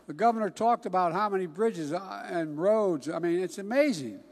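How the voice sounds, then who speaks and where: An older man giving a political speech in a folksy, emphatic way, often dropping into hushed asides. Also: sits high, lively intonation, normal speed. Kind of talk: political campaign-style speech.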